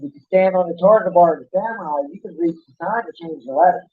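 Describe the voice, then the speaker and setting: A man's voice: high voice, fast talker. A man telling rambling, folksy stories in casual chat, often correcting himself as he goes. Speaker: podcast co-host. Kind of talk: casual storytelling. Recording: tinny phone-like sound.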